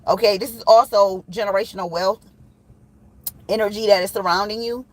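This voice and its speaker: A woman's voice: mid-range voice, steady tone, a little fast, poor audio. A woman giving a casual livestream tarot reading, blunt and profane, teasing viewers and laughing often. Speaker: tarot reader.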